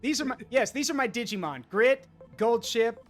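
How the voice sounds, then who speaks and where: A man's voice: very high-pitched, animated, moderate pace, a bit bright. Chatty male streamer with music behind. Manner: rambling, laughs often, thanks donors mid-sentence. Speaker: streamer and host. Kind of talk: casual game-stream chat.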